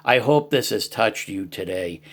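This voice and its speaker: An older man with a Boston accent and a loud, booming voice, giving an earnest personal testimony about faith. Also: animated, a little slow, creaky. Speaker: Christian YouTuber sharing church reflections.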